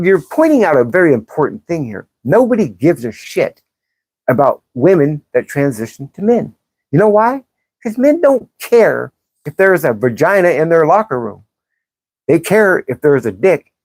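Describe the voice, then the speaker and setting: A woman's voice: low-pitched, darkish tone, breathy edge, no echo. A woman hosting a livestream, reading chat comments and answering them in a blunt, profane, sarcastic way. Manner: combative, sarcastic, calls out commenters. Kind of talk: live-stream commentary.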